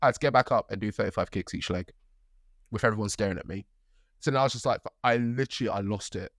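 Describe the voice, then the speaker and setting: A young man co-hosting a podcast, telling a story in a lively way with acted-out quotes. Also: on the low side, quick pace, no room sound, clean studio sound. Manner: animated storytelling, acts out quotes. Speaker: podcast co-host. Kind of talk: casual chat.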